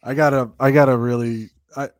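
A man co-hosting a casual sports podcast, telling lively anecdotes and laughing often. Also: mid-range voice, fairly quick, dry recording, clean studio sound.

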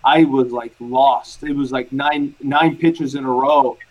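A man's voice: mid-range voice, steady tone, a little slow, low-quality recording. A man and former catcher recalling games in casual chat, poking fun at himself. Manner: self-mocking, rambling recollection.

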